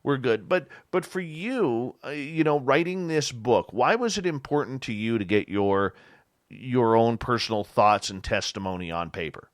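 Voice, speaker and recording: Animated, jokey male radio host. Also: mid-range voice, moderate pace, no room sound, studio quality. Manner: jokey, animated, self-deprecating. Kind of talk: casual interview chat.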